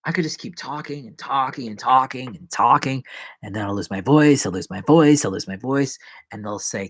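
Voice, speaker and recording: A man's voice: fairly quick, fairly bright tone, husky. A man chatting casually and rambling playfully on a solo livestream. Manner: rambling, playful, drops to whispers and jumps to squeaky voices. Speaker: livestreaming vlogger.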